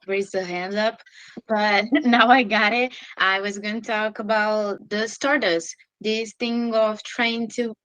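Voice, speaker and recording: A woman's voice: medium pitch, a bit bright, dry recording, poor audio. Woman teacher thinking aloud on a call. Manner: thoughtful, searching for words, restarts. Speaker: mentee teacher. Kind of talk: casual discussion.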